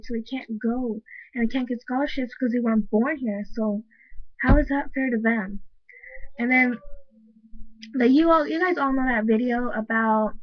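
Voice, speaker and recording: A woman's voice: a little high, no echo. A woman from the United States ranting emphatically to camera in a casual vlog, filling her talk with "like" as she argues her point. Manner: says "like" constantly, heated and emphatic. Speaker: vlogger. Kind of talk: casual opinion rant to camera. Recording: dull lo-fi webcam audio, dry.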